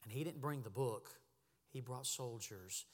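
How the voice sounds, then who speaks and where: A man preaching a sermon as pastor, impassioned, dropping to a hush and then rising to a shout. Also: medium pitch, measured pace, in a large hall. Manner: impassioned, swings from hushed to shouting. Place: church sanctuary.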